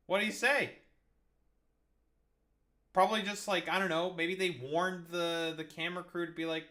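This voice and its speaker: A man's voice: a little high, moderate pace, long pauses, sharp tone. A man ranting over news clips, angry, profane and sarcastic. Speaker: streamer reacting to news clips.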